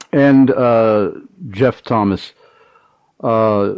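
A man hosting a Christian call-in radio show, asking long, winding questions broken by frequent "uh" pauses. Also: on the low side, smooth, dry recording, muffled recording. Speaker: radio talk show host.

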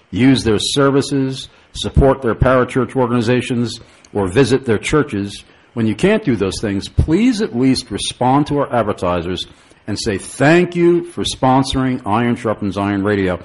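Low-voiced radio host. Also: male voice, darkish tone, poor audio. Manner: hesitant with frequent uh fillers, chuckling asides. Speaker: radio talk show host. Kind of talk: call-in radio talk show.

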